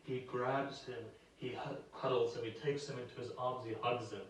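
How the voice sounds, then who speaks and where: A man delivering a sermon, telling a sacred story with deep emotion and rising into emphatic pleas. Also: fairly even intonation, normal speed, a little hiss or hum. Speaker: preacher. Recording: roomy, from far off the mic.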